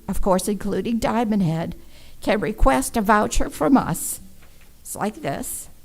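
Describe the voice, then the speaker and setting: A woman volunteer for a nonprofit giving a prepared public presentation at a council meeting, measured, polite and organized. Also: mid-range voice, a little mellow, rough recording.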